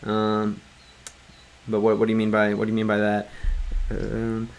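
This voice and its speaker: A man chatting casually on a livestream, rambling with many restarts and fillers and stopping now and then to sound out game text in halting learner's Russian. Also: lowish voice, completely flat delivery, vocal fry, a little hiss or hum. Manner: clumsy Russian read aloud in a learner's voice. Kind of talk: casual livestream chat reading comments.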